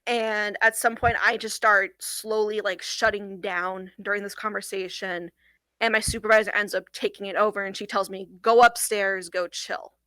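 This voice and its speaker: A young woman who works on a hotline, earnestly recounting a difficult call in an interview, often pausing on "like.". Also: mid-range voice, steady tone, bright, forceful tone, dry recording, rough recording. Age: young adult. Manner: earnest, halting, with frequent "like" fillers. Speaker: domestic violence hotline worker. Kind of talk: recounting a personal experience in an interview.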